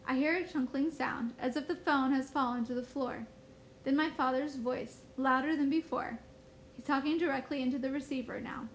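A woman teacher reading a first-person novel aloud in a steady storybook manner. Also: sits high, fairly quick, a little hiss or hum, poor audio.

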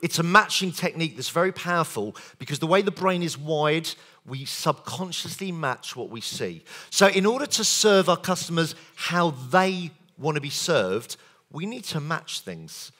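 A man giving a lively conference keynote as a sales trainer, quizzing the audience with show-of-hands questions and quick jokes. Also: a little high. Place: conference hall.

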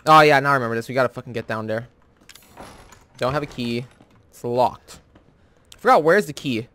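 A young man hosting a horror-game let's play in casual, profane commentary, jumpy and yelling when scared. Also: mid-range voice, fairly quick. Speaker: gamer, let's-play host.

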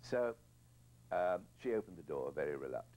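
A man's voice: low voice, lively intonation, a little fast, a little mellow, poor audio. An older man, a film director being interviewed, telling reflective anecdotes with hesitant restarts and repeated words.

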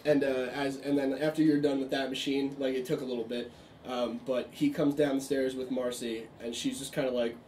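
A man with a Brooklyn accent narrating a tabletop game as game master, halting and casual. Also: medium pitch, little pitch movement, a little mellow, far from the mic, a little hiss or hum. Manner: casual, halting, laughs often.

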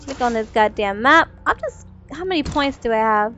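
High-voiced chatty woman streamer, swearing. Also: lively intonation, moderate pace, fairly bright tone, soft background music. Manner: chatty, swears freely, thinks aloud. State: losing her voice. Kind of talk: casual gaming stream chat. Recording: dull, lo-fi stream audio.

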